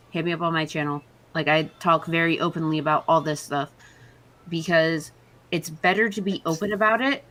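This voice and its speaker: A woman's voice: fairly low pitch, fairly bright tone. A woman hosting a podcast, talking in an earnest, outspoken way. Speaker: podcast host. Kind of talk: casual chat.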